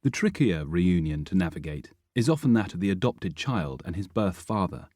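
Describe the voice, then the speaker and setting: A man with a husky voice narrating a first-person audiobook in an expressive, lively way. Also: low voice, normal speed, dry recording, clean studio sound.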